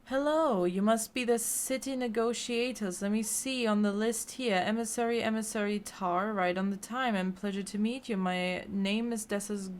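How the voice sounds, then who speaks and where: A fussy, formal fantasy-game accountant greets visitors in a mid-pitched voice, as a woman reads his lines. He talks in a wordy, bureaucratic way. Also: moderate pace, hardly any pauses, natural voice. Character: fussy male accountant clerk, formal and chatty.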